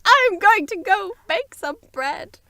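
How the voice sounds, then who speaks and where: A woman's voice: very high-pitched, lively intonation, slow pace, no echo, studio quality. A woman on a comedy panel, improvising in a meek, sheepish way. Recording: distant mic with loud room noise.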